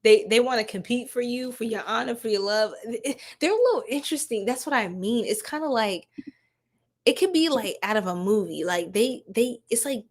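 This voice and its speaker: A woman's voice: on the high side, animated, fairly quick. A woman giving a casual livestream tarot reading, laughing often and chatting with viewers.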